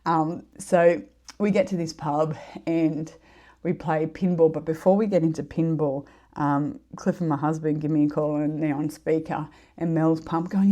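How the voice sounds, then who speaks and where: A woman's voice: low voice, steady tone, moderate pace, warm tone. A middle-aged woman hosting a podcast, telling a story in a chatty, rambling way with many fillers and giggles. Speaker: podcast host. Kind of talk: casual storytelling monologue.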